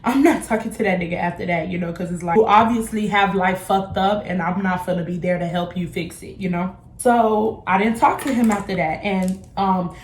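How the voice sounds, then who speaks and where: A woman's voice: mid-range voice, fairly even intonation, normal speed, few pauses, echoey room, slight background noise. Slangy young woman telling a storytime. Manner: slangy, candid, acts out quoted dialogue. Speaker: beauty vlogger. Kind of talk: casual storytime.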